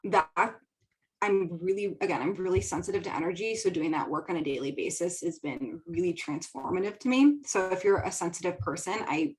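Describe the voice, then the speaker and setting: Chatty woman podcaster, lowish voice. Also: animated, brisk, a little mellow. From American Midwest. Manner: chatty, laughs often, says "like" a lot. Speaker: podcast host and business coach. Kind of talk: casual solo talk.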